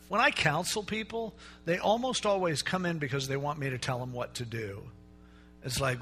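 A middle-aged male pastor preaching a sermon in a relaxed, conversational way, telling stories and acting out the people in them. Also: on the high side, normal speed, slightly rough, faint music behind. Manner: conversational storytelling preacher, acts out quoted voices.

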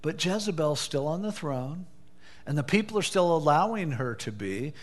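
Animated preacher man retelling a story. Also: on the high side, moderate pace. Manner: lively storytelling, acting out dialogue. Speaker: pastor. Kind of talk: sermon.

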